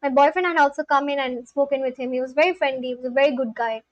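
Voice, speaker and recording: A woman's voice: sits high, steady tone, fast talker, dry recording, dull audio. A young woman livestreamer chatting casually with viewers, talking back to chat with loose, filler-heavy speech. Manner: talks back to chat, scolding and reassuring.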